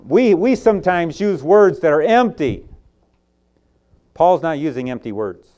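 A man with a Southern US accent preaching a Bible sermon. He builds to emphatic peaks and falls back to quiet, soft lines. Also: a little high, sing-song, measured pace, muffled recording. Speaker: pastor.

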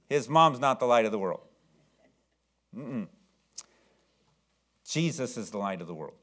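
A man preaching a sermon as pastor, slowing down to read verses aloud and calling on the congregation to answer. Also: medium pitch, lively intonation, a bit bright. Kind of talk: sermon with scripture reading.

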